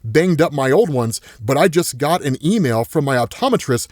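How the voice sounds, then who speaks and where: A man voicing a weary middle-aged male police commissioner, speaking in a low, resigned way. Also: animated, moderate pace, dry recording, clean studio sound.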